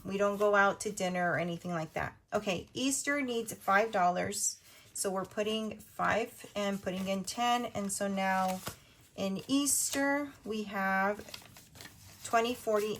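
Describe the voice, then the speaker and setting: A woman in her thirties hosting a budgeting video, chatting casually while she counts cash out loud. Her voice is going a little hoarse. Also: medium pitch, a little hiss or hum. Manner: chatty, counts money out loud, quick asides.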